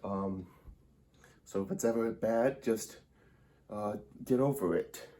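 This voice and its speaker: A man plays a mock grammar teacher in a comedic whiteboard lesson, talking slowly in a low, mellow voice. He rambles in a wry, mock-serious way. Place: indoor room by a whiteboard.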